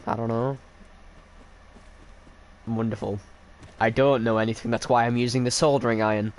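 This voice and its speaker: A mid-range, fairly even voice at normal speed, with frequent pauses, belongs to a streamer casually commenting on his gameplay. He pokes fun at himself and addresses viewers by name.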